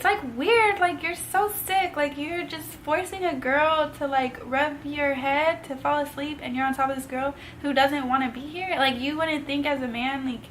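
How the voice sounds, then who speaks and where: A woman's voice: high voice, a bit bright, slight background noise, poor audio. A young woman telling a personal story in a vlog, with casual slang, emotional and tearful at times. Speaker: vlogger.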